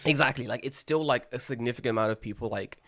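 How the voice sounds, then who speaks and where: A young man co-hosting a podcast, telling animated stories, swearing freely and acting out what people said. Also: mid-range voice, fast talker. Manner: animated storyteller, swears freely, acts out quotes. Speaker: podcast co-host. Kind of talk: casual chat.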